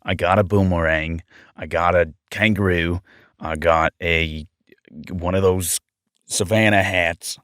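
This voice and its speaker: A man voicing a hammy, stereotyped Australian bloke with a put-on Australian accent, pitched low. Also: fairly even intonation, a little slow, a bit bright, dry recording, studio quality. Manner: low, hammy, exaggerated delivery. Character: stereotyped Aussie bloke, gruff and goofy.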